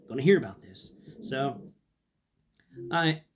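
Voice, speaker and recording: A man's voice: fairly high pitch, moderate pace, background noise. A young man casually telling a dramatic personal story, acting out what people said. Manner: animated, dramatic, acts out dialogue. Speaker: host, storyteller.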